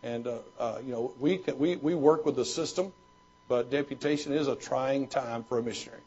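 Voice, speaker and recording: A man's voice: mid-range voice, a little fast, dark tone, breathy edge. A man, a pastor and former missionary, answering questions in folksy storytelling with many restarts. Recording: dull lo-fi recording.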